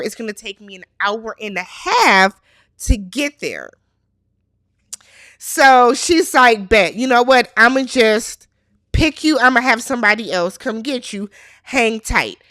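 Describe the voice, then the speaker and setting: Bright, chatty woman recapping TV. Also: a little high, no echo, clean studio sound. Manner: chatty, opinionated, animated quoting of characters. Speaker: recap host. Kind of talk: casual TV recap chat.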